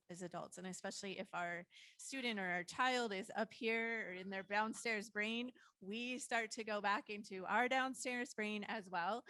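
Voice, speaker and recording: Woman, school learning designer, mid pitch, dry close sound, conversational explainer. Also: fairly bright tone, no echo. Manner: conversational, explains curriculum to adults. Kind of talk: presentation to foster parents. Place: online meeting.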